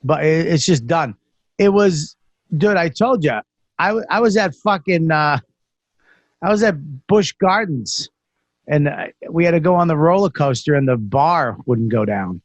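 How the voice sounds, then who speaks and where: A man hosting a podcast, telling rambling self-mocking stories full of swearing and false starts. His voice sits a little higher than most men's. The sound is dry and close. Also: animated, measured pace, no echo. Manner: profane, self-deprecating storytelling with many restarts. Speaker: podcast host. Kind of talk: casual chat.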